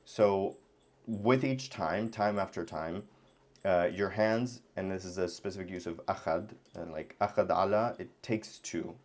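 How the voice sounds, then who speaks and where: Low-voiced man teaching, thinking aloud. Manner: halting, thinking aloud with many fillers and restarts. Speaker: Arabic teacher. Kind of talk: casual lesson walkthrough. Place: at a computer.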